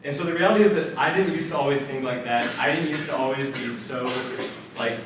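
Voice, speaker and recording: A man's voice: medium pitch, fairly quick, slight background noise. A young man giving a casual, earnest personal faith talk to students, telling stories with plenty of "like" and "um". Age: young adult. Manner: casual, earnest storytelling with fillers. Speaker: student speaker. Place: multipurpose room at a church center. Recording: very echoey room from far off.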